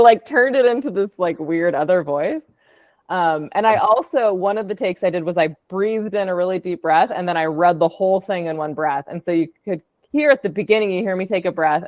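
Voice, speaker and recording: On a call, a woman who produces podcasts and makes audio art talks about her work in a chatty, upbeat way, using lots of fillers. Her voice is lowish, and the recording is dry and muffled.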